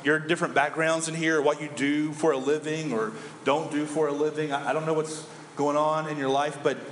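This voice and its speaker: A man's voice: fairly high pitch, flat delivery, fairly quick, a little hiss or hum. A man in his thirties preaching a sermon as a pastor, conversational, often asking the audience questions. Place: church hall. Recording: echoey church hall.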